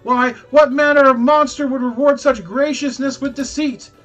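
A man voicing a smooth-talking, swindling salesman in a video game playthrough, with oily, theatrical denials. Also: very high-pitched, fairly even intonation, moderate pace, fairly bright tone, muffled recording, faint music behind, pitched above the performer's own voice. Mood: smooth pleading.

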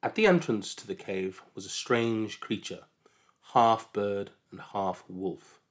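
A man calmly narrating a storybook aloud, with measured delivery. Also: lowish voice.

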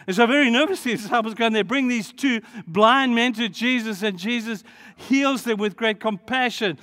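High-voiced man preaching in reverberant hall. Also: normal speed, bright, forceful tone. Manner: dramatic storytelling, acting out voices. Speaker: pastor. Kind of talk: sermon.

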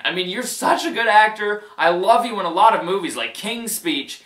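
Male reviewer, high and sharp voice, exasperated casual rant with frequent laughs, echoey room. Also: expressive, normal speed. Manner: exasperated, emphatic, repeats himself, laughs often. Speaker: movie reviewer.

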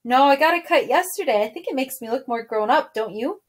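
A woman's voice: sits high, animated, brisk. A woman reading a novel aloud, voicing an eager, teasing ten-year-old boy in a raised voice.

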